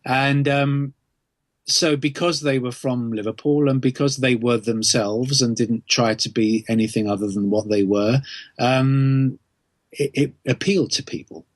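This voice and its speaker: A middle-aged Englishman speaks as a guest author on a podcast, choosing his words with care and pausing often on ums. His pitch sits mid-range for a man. The recording is close and dry, with little room sound. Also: fairly even intonation, no echo. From England. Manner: thoughtful, measured, with many ums. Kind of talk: podcast interview answers.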